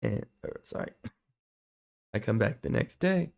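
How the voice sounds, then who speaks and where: A young man earnestly telling his personal faith testimony, excitable, his voice going hoarse. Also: lowish voice, slow pace. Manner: earnest, excitable storytelling with fillers.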